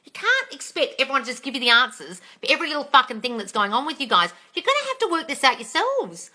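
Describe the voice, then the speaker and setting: A woman's voice: sits high, big pitch swings, fast talker, pushed and bright. A young woman coaching on a phone live stream, blunt and swearing freely as she answers comments. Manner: blunt, swears freely, ranting then laughing. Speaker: manifesting coach.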